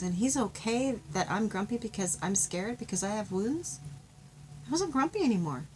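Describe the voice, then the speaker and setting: A woman gives a love reading from a card deck, talking in a gentle, chatty, heartfelt way. Her voice sits at an everyday middle pitch. A faint hiss runs under the recording. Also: poor audio. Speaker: tarot card reader. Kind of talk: intuitive card reading to camera.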